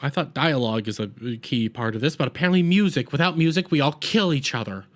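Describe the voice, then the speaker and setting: A man recaps an episode in a loose, rambling way with frequent sarcastic asides. His voice sits high for a man. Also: animated, a little fast, few pauses, fairly bright tone. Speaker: TV episode reviewer. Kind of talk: casual recap review.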